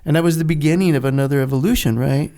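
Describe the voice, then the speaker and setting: An older man, a retired Navy veteran, telling a lively story in a podcast interview, acting out the dialogue and laughing often. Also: on the high side, very fast. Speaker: guest, retired Navy SEAL.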